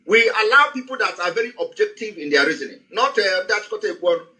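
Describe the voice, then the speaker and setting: Casting: high-pitched man, sharp and forceful, heated scolding speech. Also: lively intonation, fairly quick, low-quality recording. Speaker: speaker on an audio space. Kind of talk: heated address.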